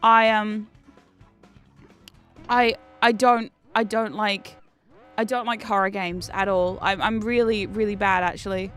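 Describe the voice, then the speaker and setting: A woman's voice: mid-range voice, fairly even intonation, a little slow, pauses often, fairly bright tone, faint music behind. A woman streamer chatting casually while gaming, swearing freely and laughing often at a desk microphone.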